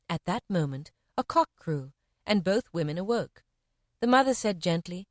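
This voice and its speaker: A woman giving a measured, expressive reading of short parables in old-fashioned language. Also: lowish voice, dry recording, studio quality. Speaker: reader. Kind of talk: scripted narration of parables.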